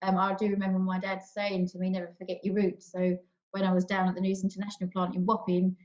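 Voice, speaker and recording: East woman, panel guest, level, unhurried and reflective, slightly muffled line. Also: mid-range voice, completely flat delivery, a little mellow. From east London. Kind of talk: casual panel discussion. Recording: dull lo-fi sound.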